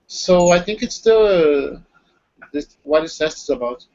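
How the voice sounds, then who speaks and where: Man, language student on a video call, hesitant and halting, high voice, muffled line. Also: lively intonation, darkish tone. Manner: hesitant, many fillers and restarts. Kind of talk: answering in class.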